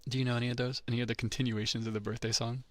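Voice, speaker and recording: Playful man chatting quietly. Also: medium pitch, flat delivery, no echo. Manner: playful teasing, quick to laugh. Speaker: streamer. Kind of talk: quiet casual chat.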